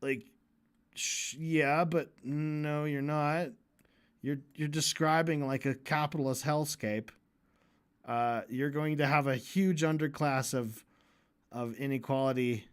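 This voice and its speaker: A fairly high-voiced man rambles through a casual livestream rant, sarcastic and sweary. He restarts his sentences, laughs at his own jokes and now and then bursts into loud mock voices. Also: fairly even intonation, slow, smooth. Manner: profane, sarcastic, rambling, mimics voices with shouts. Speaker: streamer.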